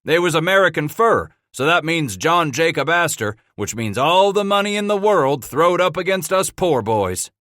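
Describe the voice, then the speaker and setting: A man's voice: on the high side, very animated, normal speed, hardly any pauses, bright, forceful tone, no room sound, studio quality, pitched above the performer's own voice. A man doing a blustery angry trapper. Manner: blustery frontier drawl, grumbling. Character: angry loud male fur trapper.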